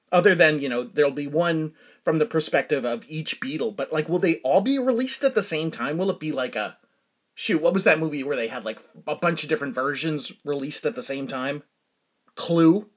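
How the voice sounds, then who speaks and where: A man's voice: on the high side, a bit bright. A middle-aged man from Massachusetts hosting a podcast, telling rambling stories in casual chat and laughing often. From Massachusetts, USA. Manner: rambling storytelling with frequent laughs. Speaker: podcast host. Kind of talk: casual solo monologue.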